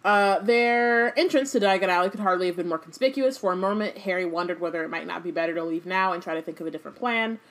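A woman with a lowish voice in a relaxed book-talk conversation. She reads passages aloud and keeps breaking off into playful asides. Her delivery is animated and jokey. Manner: animated, jokey, slips into quick character voices. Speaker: podcast co-host reading and discussing a book. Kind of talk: casual chat mixed with reading aloud.

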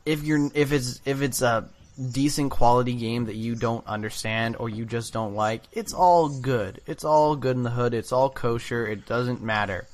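A man's voice: mid-range voice, moderate pace. A man from Canada co-hosting a casual podcast chat, joking and sarcastic, swearing freely. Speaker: podcast co-host.

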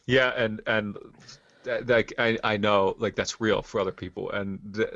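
A man's voice: fairly low pitch, fairly even intonation, moderate pace, a bit bright, no echo. A man in his thirties telling a long story in casual chat, rambling with many fillers. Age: 30s. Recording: dull lo-fi sound.

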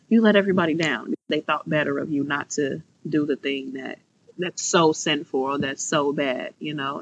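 A young woman in her twenties from Chicago, candidly telling her own story, with lots of fillers, acting out her past thoughts aloud. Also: low-pitched. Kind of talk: personal storytelling. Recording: slightly muffled, faint music behind.

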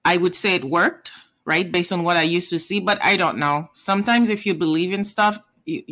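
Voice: mid-range voice, normal speed, pushed and bright. A language teacher from Haiti with a Haitian accent, a native Haitian Creole speaker, giving a casual video lesson patiently, repeating words and checking in with "okay?" and "right?". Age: adult parent.

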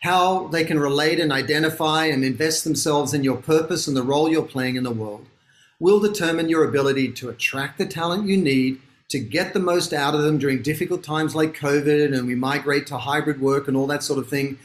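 A man's voice: fairly high pitch, fairly quick, echoey room. A man from Australia with an Australian accent, a guest author explaining his ideas in an interview. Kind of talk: interview conversation.

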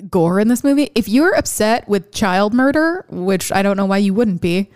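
A young woman co-hosting a casual podcast chat, expressive and enthusiastic. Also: mid-range voice, normal speed, clear, resonant tone. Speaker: podcast co-host.

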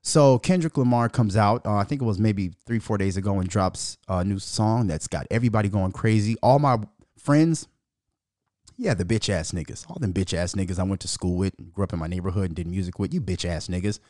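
A man's voice: on the low side, brisk, darkish tone, no room sound, clean studio sound. A man hosting a podcast, ranting in a profane monologue and mocking the voices of others. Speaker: podcast host.

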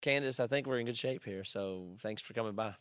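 A man's voice: lowish voice, fairly quick, fairly bright tone, smooth, no room sound, clean studio sound. A man co-hosting a podcast in casual chat, hesitant and earnest, often correcting himself mid-sentence. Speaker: podcast co-host.

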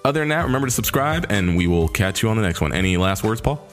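A man's voice: fairly low pitch, soft background music. A man co-hosting a casual podcast, bantering about video games and films. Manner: animated, quick banter with laughs. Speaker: podcast co-host. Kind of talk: casual chat.

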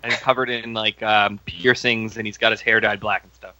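A man's voice: lowish voice, little pitch movement, moderate pace, bright, forceful tone, no echo, poor audio. A man co-hosting a casual movie chat, dry and teasing. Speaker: podcast co-host.

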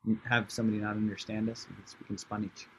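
A man's voice: lowish voice, level tone, fast talker, fairly bright tone, slight background noise, poor audio. A man from Iran, a comedian guest on a podcast, talking in a laid-back, self-mocking way and swearing freely. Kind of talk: casual interview chat.

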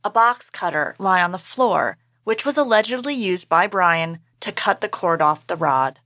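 A woman hosting a podcast, giving measured, scripted true-crime narration. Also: lowish voice, expressive, bright, forceful tone, no echo.

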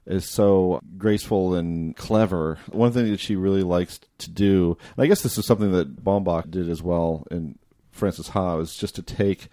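A man's voice: low-pitched, normal speed, dark tone, dry recording, clean studio sound. A middle-aged man hosting a casual film discussion, thoughtful and full of small restarts.

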